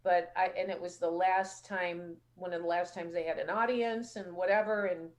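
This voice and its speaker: A woman's voice: fairly low pitch, steady tone, normal speed. A woman hosting a casual call-in show, telling stories in a chatty way and acting out what others said. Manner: chatty storytelling, acts out quoted dialogue. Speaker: show host.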